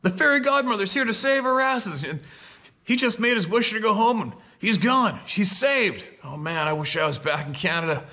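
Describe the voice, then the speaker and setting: A man putting on the voice of an amazed stranded Canadian man, loud and high. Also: animated, normal speed.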